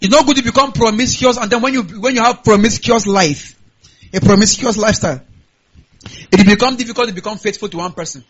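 A Nigerian man preaching a sermon as a pastor, animated and punctuated with hallelujahs. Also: sits high, fast, slightly rough, highs cut off.

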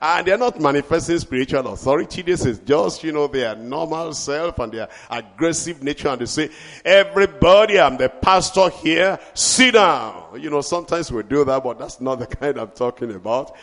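A man preaching a sermon as pastor, swinging from shouted declarations to hushed asides. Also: mid-range voice, fairly quick, hardly any pauses, big-room sound.

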